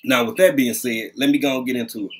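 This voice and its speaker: A man's voice: mid-range voice, fairly even intonation, fast. A man hosting a casual live stream, greeting viewers by name in a loose, conversational way, talking close to his webcam at home. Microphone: webcam, leaning close.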